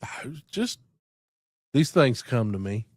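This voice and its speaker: A man's voice: medium pitch, sing-song, slow pace, dry recording, studio quality. A man hosting a casual live stream, rambling and joking with frequent laughter. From southern United States.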